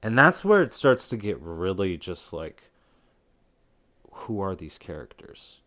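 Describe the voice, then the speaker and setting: A man's voice: sits low, measured pace. A man co-hosting a casual film review podcast, rambling with lots of fillers. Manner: rambling, filler-heavy, animated when making a point.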